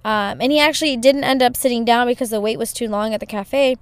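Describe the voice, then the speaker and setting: A woman's voice: fairly high pitch, fast talker, clean tone, dry recording. A woman hosting a podcast, telling a story in a casual, chatty way with lots of "you know" fillers. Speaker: podcast host.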